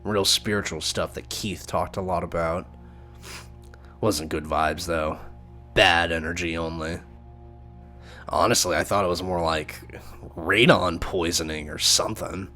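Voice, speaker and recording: A man reads a story game aloud, narrating with relaxed side comments. His voice sits very low and he speaks slowly. Faint music plays underneath. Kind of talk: reading a visual novel aloud.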